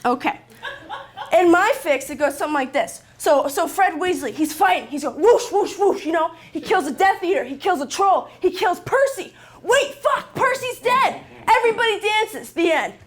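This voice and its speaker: Brash high-voiced woman ranting. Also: expressive, normal speed. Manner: brash, profane, punchy. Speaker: comedy segment presenter. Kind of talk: brash comic rant.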